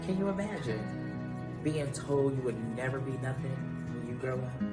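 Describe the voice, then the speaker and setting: A woman accepts an award with bold, playful confidence and casual slang. Loud guitar music plays behind her voice the whole time. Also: a bass voice, animated, normal speed, reverberant. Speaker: award recipient and activist. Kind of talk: acceptance speech.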